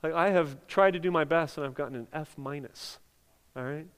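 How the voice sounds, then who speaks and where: A man's voice: fairly high pitch, a little fast, clear, resonant tone. A man preaching a sermon as pastor, talking conversationally with lots of "like" and building to emphatic peaks. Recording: long hall reverb.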